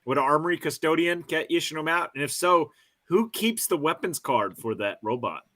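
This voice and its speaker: A man on a live stream panel, firing off playful, rapid-fire questions. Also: on the high side, expressive, sharp tone.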